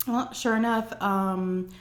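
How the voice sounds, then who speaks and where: A woman vlogger telling a personal story in a casual, chatty way, with many "like" and "um" fillers. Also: mid-range voice. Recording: echoey room.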